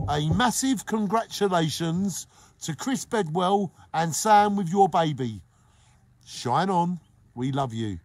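A middle-aged man from England chatting on a casual live stream with a fairly high voice. He is exuberant and sing-song, jumping from loud bursts to hushed asides as he greets viewers one by one. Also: slight background noise. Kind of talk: casual live-stream chat, reading comments.

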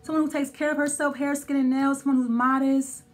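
Casting note: woman tarot reader, high voice, rambling and conversational. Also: little pitch movement, a little fast, soft background music. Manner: thinking aloud, many restarts and fillers. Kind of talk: casual tarot reading.

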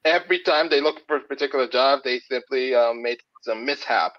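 A man chatting casually, talking in halting bursts full of restarts and fillers and laughing at his own jokes. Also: medium pitch. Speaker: guest. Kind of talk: casual chat. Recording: dull lo-fi sound.

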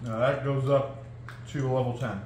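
A man's voice: medium pitch, steady tone, moderate pace, darkish tone. Man co-host, eager and repetitive, roomy echo, faint background hum. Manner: enthusiastic, repeats himself. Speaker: vlog co-host. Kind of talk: casual food review chat. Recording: echoey room.

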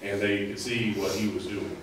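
Recorded from a distance in an echoey sanctuary with slight background noise, this man preaches conversationally, rambling with plenty of fillers and restarts. His voice is lowish and steady, at a moderate pace.

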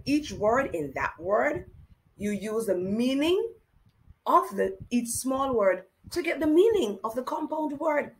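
A woman's voice: on the high side, rough recording. A woman teaching a children's reading lesson, speaking to the child directly and encouraging them as she spells and counts. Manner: encouraging, slow and sing-song, addressing a child directly.

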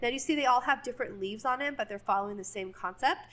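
A woman's voice: a little high, fast, bright, forceful tone. Gushing woman vlogger in a store. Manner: chatty and gushing, with fillers. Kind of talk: casual store walk-through.

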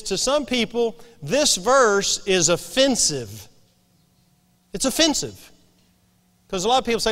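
High-voiced pastor preaching in a reverberant church. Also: male voice, fairly bright tone. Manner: folksy, emphatic storytelling. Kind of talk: storytelling sermon. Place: church sanctuary. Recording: long reverb of a church hall.

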